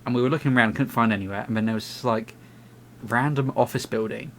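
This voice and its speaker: A man's voice: mid-range voice, fairly even intonation, quick pace, fairly bright tone, a little hiss or hum. A young British man, co-host of a podcast, telling a funny anecdote in casual chat and swearing freely.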